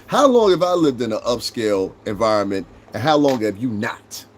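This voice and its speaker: A man's voice: medium pitch, very animated, moderate pace, a little hiss or hum. A man with a New York accent in his thirties, hosting a casual livestream, brash and profane as he talks straight to his chat. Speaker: livestream host.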